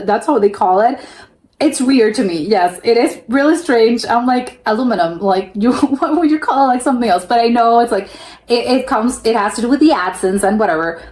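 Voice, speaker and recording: A woman's voice: a little high, a little mellow. Woman, from the United States, casual reaction commentary, rambling filler-heavy talk, roomy echo. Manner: rambling, heavy use of "like", frequent restarts and laughs. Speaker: reaction video host.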